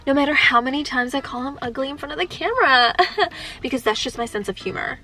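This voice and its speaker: Bright, high-voiced young woman vlogging. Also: fast talker, soft background music. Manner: playful, joking, chatty. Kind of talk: casual Q&A vlog.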